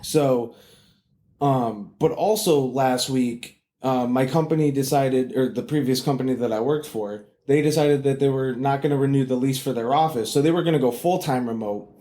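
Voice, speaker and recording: A young man hosting a casual solo podcast, telling a story in an animated way with plenty of swearing. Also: normal speed. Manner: animated, swearing, rises high when retelling exchanges. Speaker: podcast host. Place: home room, seated in a squeaky chair.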